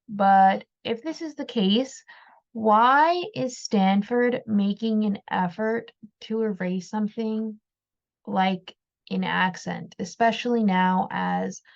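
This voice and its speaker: A woman giving reflective opinion commentary, measured and thoughtful, sometimes repeating words as she thinks. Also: mid-range voice, vocal fry, muffled recording. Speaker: commentary video host.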